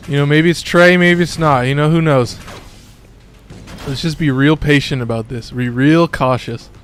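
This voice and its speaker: A young man commentating casually on his live stream, rambling and excitable, often saying "like", with the odd curse. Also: on the high side.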